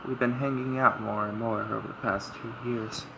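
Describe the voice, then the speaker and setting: Raspy monotone young man gaming. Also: lowish voice, noisy background. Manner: rambling, halting with many fillers. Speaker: gamer playing through a visual novel. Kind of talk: casual let's-play commentary and reading aloud.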